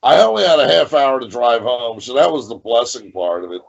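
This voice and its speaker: Gravelly male wrestler telling a story. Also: mid-range voice, moderate pace, hardly any pauses, lo-fi sound. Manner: lively storyteller who repeats phrases. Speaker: guest, professional wrestler. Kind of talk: storytelling in a podcast interview.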